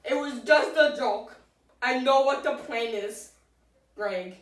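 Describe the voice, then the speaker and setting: A woman playing an absurd, boastful talk-show guest, rambling deadpan in an improvised comedy sketch. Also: a little high, slow. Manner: rambling, deadpan, breaks into giggles. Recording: echoey room, far from the mic.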